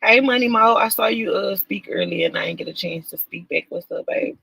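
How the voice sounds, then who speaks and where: Chatty co-host, bright and forceful voice, dry recording. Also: mid-range voice, a little fast, vocal fry, breathy edge, no echo, poor audio. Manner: chatty, reactive. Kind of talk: live stream chat.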